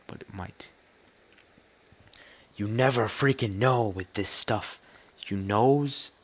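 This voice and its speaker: A man's voice: on the low side, fairly bright tone. A young man giving casual, rambling commentary over a space game tutorial, joking and getting flustered as he plays. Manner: rambling, jokey and easily flustered. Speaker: gameplay commentator.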